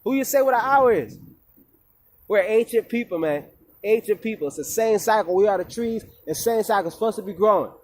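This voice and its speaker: A man's voice: high voice, lively intonation, a little fast. A man, a wellness coach, talking to his viewers in an emphatic, preachy way with lots of casual slang. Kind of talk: informal monologue to viewers.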